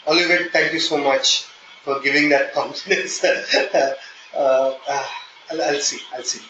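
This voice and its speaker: A man's voice: on the high side, steady tone, unhurried, reverberant, muffled recording, noisy background. Indian man teaching an online class. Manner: explanatory, repeats "okay?" often, hesitant fillers when flustered. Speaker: online software testing trainer. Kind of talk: live online training session.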